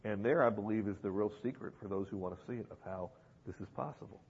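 A male preacher delivers a sermon with a gravelly, husky voice. He speaks emphatically, repeats key phrases and poses rhetorical questions to the room. The recording is dull and lo-fi, with a long hall echo. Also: lowish voice, fast talker, a little mellow. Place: church hall with an audience.

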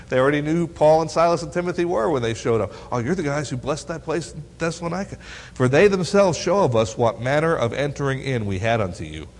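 Man preaching in a reverberant hall. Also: medium pitch. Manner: asks the audience questions, teasing and lively. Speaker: preacher teaching teens. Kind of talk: Bible teaching sermon.

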